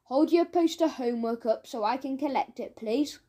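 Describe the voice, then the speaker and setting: A woman voicing a firm, measured male schoolteacher. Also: high-pitched, warm tone. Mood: stern. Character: stern but fair male schoolteacher.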